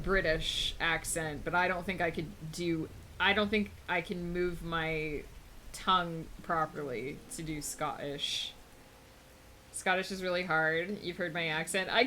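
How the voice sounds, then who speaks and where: A woman's voice: fairly low pitch, bright, forceful tone, a little hiss or hum. A young adult woman chatting casually on a live stream while she writes, rambling and full of fillers.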